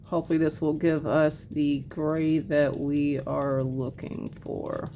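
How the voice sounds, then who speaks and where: A woman with a low voice talks through an acrylic painting lesson in a relaxed, chatty way. She often pauses on fillers and sorry-ers as she works. A faint hiss of background noise sits under her voice. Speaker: art teacher. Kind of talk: casual painting tutorial.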